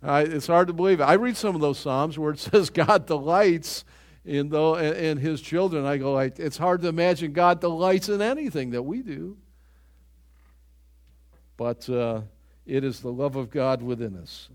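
A man's voice: on the high side, lively intonation, measured pace. An older man delivers a sermon in a church. He preaches in an earnest, conversational way and often restarts his phrases mid-thought. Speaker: pastor.

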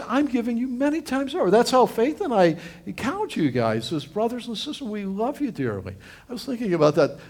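A middle-aged male pastor giving a conversational sermon, earnest and rambling, with frequent restarts and fillers. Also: high voice.

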